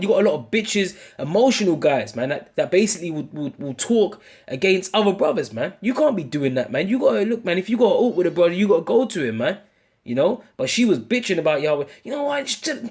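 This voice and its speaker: Speaking very fast and with great animation, a British man gives an informal street-style sermon full of casual slang, frequent restarts and phrases capped with "man". He's from the United Kingdom, and his high voice is husky yet a little mellow.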